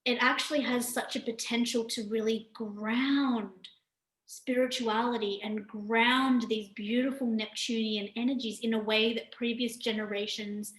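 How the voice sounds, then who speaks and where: A woman co-hosting a podcast, talking about astrology in a calm, reflective way. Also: a little high, unhurried. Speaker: podcast co-host. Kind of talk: casual astrology chat. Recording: echoey room.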